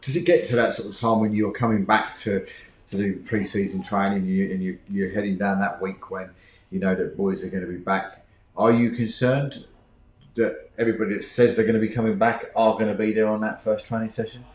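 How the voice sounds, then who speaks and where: A man's voice: on the low side, fairly even intonation, a little fast, a little mellow. A man hosting a talk show, asking long, multi-part questions. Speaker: host. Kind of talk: interview questions. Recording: echoey room with faint noise.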